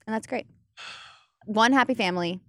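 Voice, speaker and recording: A woman's voice: fairly high pitch, a bit bright, dry recording. Chatty woman co-host, dry studio. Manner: chatty, recaps stories with quick asides. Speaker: co-host of an entertainment news show. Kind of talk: casual chat.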